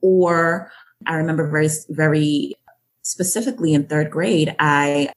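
A woman from Jamaica, a guest in an interview, telling personal stories in a thoughtful, measured way. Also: sits low. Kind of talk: reflective interview answer.

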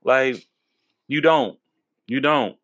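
Man, thirties, from Texas, podcast host, profane, animated, a bit tipsy. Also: slow pace, lo-fi sound. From Texas, USA. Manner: animated, profane, rises high when worked up. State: tipsy from drinking. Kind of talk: casual political chat.

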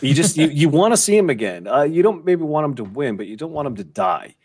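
A man's voice: fairly high pitch, sing-song, fast, darkish tone, breathy edge. A man co-hosting a podcast, chatting casually about actors in a rambling, hedging way. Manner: rambling, hedging, many restarts. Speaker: podcast co-host. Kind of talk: casual chat.

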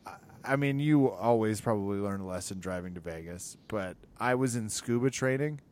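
A man's voice: lowish voice, moderate pace, darkish tone. A man co-hosting a podcast in casual chat, making teasing jokes. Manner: joking, teasing asides. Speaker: podcast co-host.

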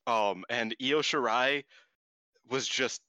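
Excitable guy cohosting a podcast, bright voice, dry close mic. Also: medium pitch, slow pace, dry recording. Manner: excitable, laughing, swearing, voice jumping up in disbelief. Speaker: podcast co-host. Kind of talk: casual chat recapping wrestling.

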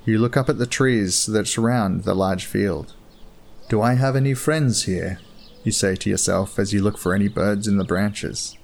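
A man calmly narrating a second-person story. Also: fairly low pitch, moderate pace, gravelly, few pauses.

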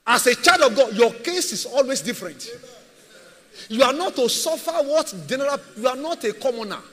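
A man's voice: very high-pitched, a bit bright, long reverb tail. A man preaching a sermon as a pastor, emphatic and repetitive, firing rhetorical questions at his church.

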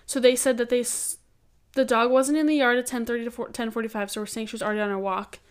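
A woman's voice: fairly high pitch, fairly even intonation, fast talker, clean tone. A woman co-hosting a true-crime podcast, talking through theories in a loose, chatty way and laughing easily. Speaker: podcast co-host. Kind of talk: casual true-crime chat.

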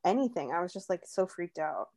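A young woman in casual chat, telling stories in a chatty, animated way with lots of fillers. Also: on the low side, fairly quick. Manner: chatty, animated storytelling with many "like"s.

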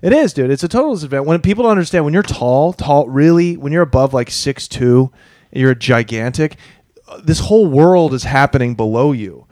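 A man's voice: medium pitch, expressive, brisk, a little mellow, dry recording, clean studio sound. A man guesting on a podcast as a comedian, joking and cursing in casual chat. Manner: profane, joking, sardonic.

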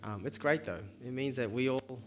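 Earnest pastor, faint music behind. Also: male voice, mid-range voice, normal speed. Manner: earnest, often repeats words, drops to soft tones in prayer. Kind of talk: sermon and altar-call prayer. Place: church service.

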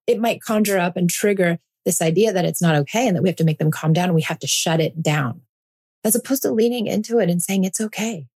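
Woman, forties, slightly low voice, earnest, reassuring, repeats points, podcast monologue. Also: darkish tone. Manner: earnest, reassuring, emphatic repetition. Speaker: parenting podcast host.

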